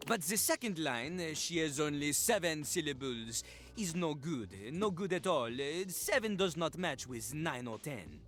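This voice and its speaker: A man's voice: fairly high pitch, animated, normal speed, fairly bright tone, faint music behind. An actor playing a pompous male talking toilet, lecturing on rap and breaking into sung rhymes. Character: pompous French male toilet rapping teacher. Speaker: game character.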